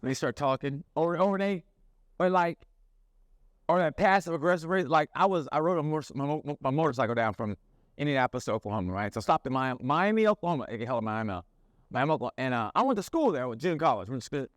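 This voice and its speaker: A man's voice: mid-range voice, expressive, fast, dry recording, clean studio sound. A man co-hosting a podcast, telling profane comedic stories full of put-on voices. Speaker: podcast co-host. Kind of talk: casual comedic chat.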